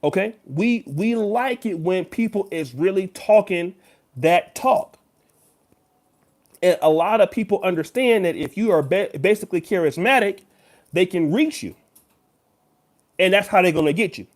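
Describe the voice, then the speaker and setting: A man with a raised, high-pitched speaking voice delivers a YouTube commentary. He talks straight to his viewers in an emphatic, lecturing way, leaning on each point. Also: expressive, normal speed, pauses often. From United States. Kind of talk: direct-to-camera commentary.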